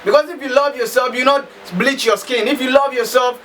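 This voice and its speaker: A man's voice: very high voice, fairly even intonation, fairly quick, a bit bright. A man from Africa delivering an impassioned, emphatic monologue full of repetition and rhetorical questions. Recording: slightly distant mic, faint background noise.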